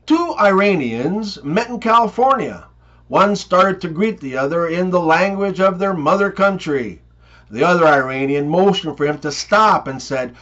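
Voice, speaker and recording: A man telling one-liners and short jokes as a comedian, with quick punchline delivery. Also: high-pitched, lively intonation, a bit bright, lo-fi sound.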